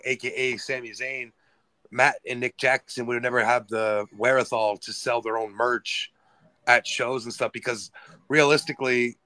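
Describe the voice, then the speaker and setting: A man's voice: mid-range voice, bright, forceful tone. A man co-hosting a wrestling podcast, telling a loose anecdote in casual chat. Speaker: podcast co-host.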